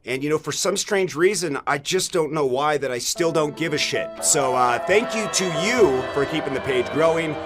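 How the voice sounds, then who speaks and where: A man's voice: fairly high pitch, animated, moderate pace, hardly any pauses. A man hosting a video commentary show, brash, profane and mocking as he narrates crime clips. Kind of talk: crude comedic commentary over videos. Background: loud music.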